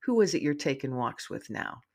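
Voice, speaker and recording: Gentle soft mom voice in a story, a woman reading it, quiet and tender. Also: rumbling low, big pitch swings, moderate pace, heavily acted. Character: tender grieving mother, soft-spoken.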